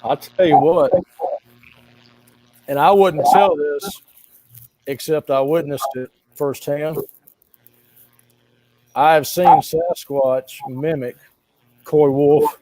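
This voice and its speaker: A man telling a firsthand story on a live call in an emphatic, drawn-out way. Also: on the high side, steady tone, dark tone, dry recording, poor audio. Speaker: guest sharing field experiences.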